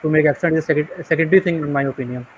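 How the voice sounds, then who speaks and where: A man's voice: fairly high pitch, very fast, lo-fi sound, a little hiss or hum. Earnest man student asking questions. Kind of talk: question in a live class.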